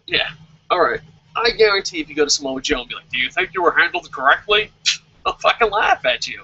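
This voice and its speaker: Young guy ranting about wrestling, swears a ton, gravelly and husky, dull lo-fi sound. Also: sits high, very animated, quick pace, pushed and bright, dry recording. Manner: profane, heated, ranting. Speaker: wrestling show reviewer. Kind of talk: angry rant in casual chat.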